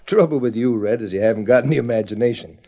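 A man's voice: medium pitch, fast, muffled recording, natural voice. An actor playing a smug male outlaw in a 1940s radio drama, gloating and snickering.

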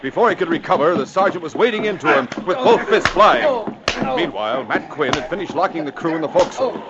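A man narrating an old radio adventure drama in a brisk, dramatic way. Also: a little high, big pitch swings, a loud crowd. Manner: brisk and dramatic, rising with the action. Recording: dull old radio recording with hiss.

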